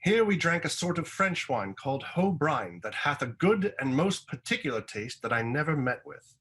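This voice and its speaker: A man putting on a raised, stately voice for an old-fashioned seventeenth-century English gentleman reciting a diary entry. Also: on the high side, very animated, normal speed, husky, voice pushed up, heavily acted. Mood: solemn. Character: pompous 17th-century English gentleman diarist, male.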